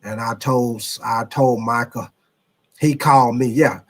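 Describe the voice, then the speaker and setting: A slow, halting older team owner, played by a man as a comic impression. He drawls in a folksy way and sits well below the speaker's usual pitch. His words come unhurried and plain. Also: steady tone. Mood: explaining.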